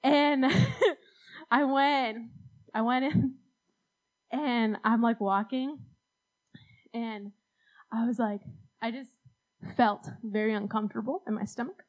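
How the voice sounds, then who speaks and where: A woman's voice: a little high, fairly even intonation, slow pace, long pauses, dull audio. A young woman telling a rambling, self-deprecating story at a church talk, laughing often. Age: young adult. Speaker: speaker at a church youth talk.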